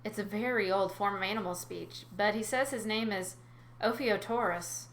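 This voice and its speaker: A woman's voice: medium pitch, normal speed, fairly bright tone, slight background noise, close to an everyday voice. A woman voicing an earnest young male satyr who explains things to his friends. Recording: roomy recording.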